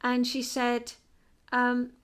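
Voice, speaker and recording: Chatty older woman, slow and high. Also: clean tone. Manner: chatty and rambling, easily excited. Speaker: vlog host. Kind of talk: casual chatty vlog. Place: at home.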